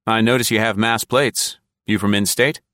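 A man's voice: lowish voice, fairly even intonation, normal speed, fairly bright tone, no room sound, studio quality, voice pushed up, natural voice. A man voicing a nervous suburban man caught near his neighbor's car at dawn, who talks hastily and too much. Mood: flustered. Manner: hasty, nervous, overly chatty.

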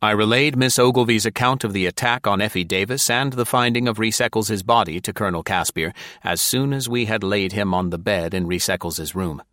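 A man narrating a first-person novel in an audiobook, with an even, measured, dry delivery. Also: lowish voice, no echo.

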